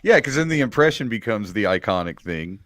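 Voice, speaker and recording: A man, a comedian hosting a podcast, talking in a relaxed, frank way and swearing casually. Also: fairly low pitch, fairly quick, no room sound.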